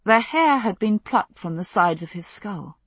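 A woman reading a novel aloud as narrator, in a steady, measured storytelling manner. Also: mid-range voice, slightly rough, dry recording. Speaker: audiobook narrator. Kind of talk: scripted narration.

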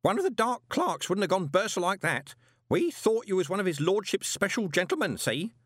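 A man's voice: high voice, sing-song, normal speed, a bit bright, no echo, studio quality, voice pushed up, heavily acted. A man voicing a fussy old male postal worker who babbles and quavers. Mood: babbling. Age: older.

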